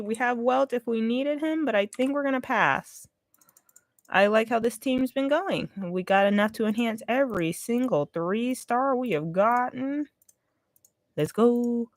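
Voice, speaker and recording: A game streamer in casual live-stream commentary, a little congested, chatty and expressive, thinking aloud while explaining strategy on a close desk mic. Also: medium pitch, moderate pace, no room sound. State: congested, sniffling.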